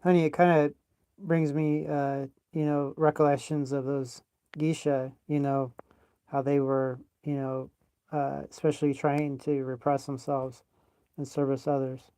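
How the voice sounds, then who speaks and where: A man talking casually to a phone app on a livestream, halting and full of fillers, calling it honey. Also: mid-range voice, level tone, mellow, clear, resonant tone, no echo. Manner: halting, filler-heavy, calls her honey. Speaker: app user hosting a livestream.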